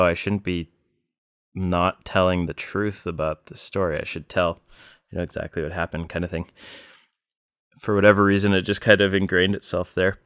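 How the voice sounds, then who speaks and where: Low, smooth-voiced man telling stories. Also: a bit bright, dry recording, clean studio sound. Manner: plain, unhurried storytelling with many fillers. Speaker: podcast co-host. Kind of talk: casual chat.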